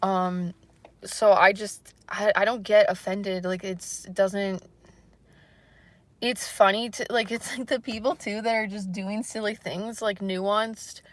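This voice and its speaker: Female streamer, casual chat to viewers, soft and apologetic, hesitant with lots of fillers. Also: medium pitch, fairly even intonation, slow pace, no echo. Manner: hesitant, rambling, many fillers. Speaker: livestreamer.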